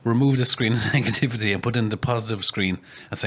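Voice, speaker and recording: A man's voice: on the low side, fast talker, a bit bright. A man co-hosting a casual podcast, telling long anecdotes and laughing often. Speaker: podcast co-host. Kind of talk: casual banter.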